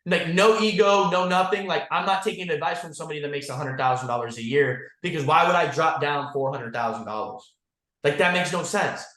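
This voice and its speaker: Man, agency leader on a team call, blunt and profane, constant "like" and "guys", somewhat high voice, echoey room. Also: a little fast, fairly bright tone. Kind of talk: motivational team call talk.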